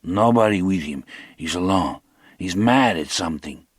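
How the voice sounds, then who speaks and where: A man's voice: sits low, expressive, moderate pace, no echo, studio quality. A man voicing a timid, loyal male servant who speaks in a subdued, apologetic way, in an audiobook.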